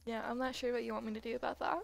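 A woman's voice: on the high side, flat delivery, racing, creaky, faint music behind. A young woman streaming a game live, chatting casually with viewers, giggling and stumbling over her words. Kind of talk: casual live-stream chat while gaming.

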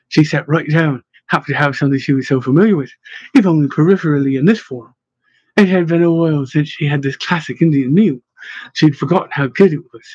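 A man narrating a storybook in a steady, even reading voice. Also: fairly high pitch, no echo. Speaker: audiobook narrator. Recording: dull lo-fi dry recording.

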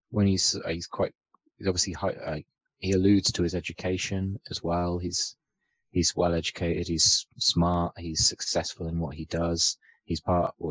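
Deep-voiced man musing about films. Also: rough recording. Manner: rambling, filler-heavy, thinks aloud. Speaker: podcast co-host. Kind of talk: casual film discussion.

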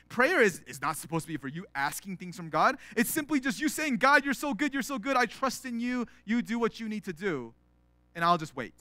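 Man, pastor, earnest sermon, high voice, dry close sound. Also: bright, forceful tone, no echo. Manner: earnest, repeats words when starting sentences; acts out prayers in quoted voices.

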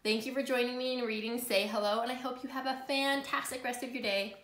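A woman teacher reading a picture book aloud to her students, speaking clearly, slowly and expressively. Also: a little high, steady tone, a bit bright. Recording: echoey room.

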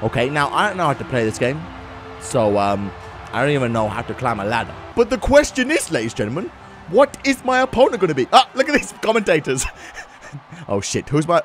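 A young man giving excitable, laughing commentary while playing a wrestling video game. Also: a little high, brisk, soft background music. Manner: loud, laughing, swings between shouts and mumbles. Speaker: gaming YouTuber.

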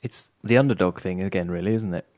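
A man's voice: sits low, quick pace, darkish tone. A British man co-hosting a casual podcast panel, rambling through listener mail and tech talk. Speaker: podcast co-host.

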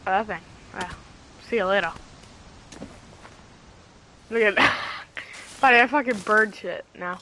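A woman's voice: medium pitch, unhurried, long pauses, a little hiss or hum, rough recording. Foul-mouthed teasing gamer woman. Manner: swearing, teasing banter with sudden loud outbursts. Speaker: gamer playing with a friend. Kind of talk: casual gaming chat.

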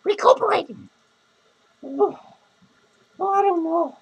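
Man playing Penny, a shrill foul-mouthed clown. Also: slow, rough recording. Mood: ranting. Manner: crude, rambling rants full of cursing and cackling laughs. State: hungover. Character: foul-mouthed, lonely, hungover female clown. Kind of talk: comedic character monologue.

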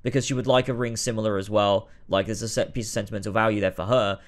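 A man streaming a game, rambling commentary that breaks into shouting rants. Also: fairly low pitch, steady tone, quick pace. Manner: rambling, many restarts, bursts into shouting rants. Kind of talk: casual let's-play commentary.

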